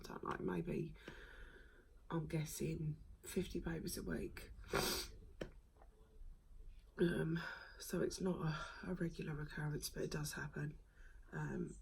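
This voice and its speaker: A woman, recounting a hard personal story to camera in a soft, halting voice that often drops to a whisper. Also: low voice, vocal fry, a little hiss or hum, rough recording. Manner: soft-spoken, halting, with many ums and frequent whispery stretches. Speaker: vlogger.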